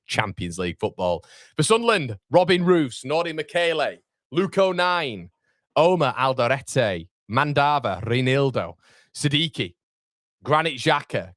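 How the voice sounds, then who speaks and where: A man's voice: lowish voice, a bit bright, dry recording, clean studio sound. A man hosting a live football watchalong, chatting casually and reading viewer comments aloud.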